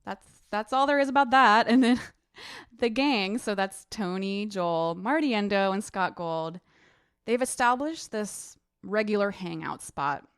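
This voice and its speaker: A woman co-hosting a casual book podcast, chatty and quick to laugh. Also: mid-range voice, clear, resonant tone, no room sound, studio quality. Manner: chatty, giggly. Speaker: podcast co-host.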